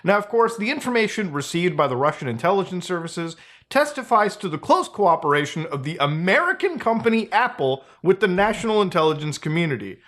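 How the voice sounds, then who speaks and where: A man hosting a casual commentary video, blunt and sarcastic, swearing freely and jumping up in pitch for emphasis. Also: big pitch swings, fairly quick, fairly bright tone. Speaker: host.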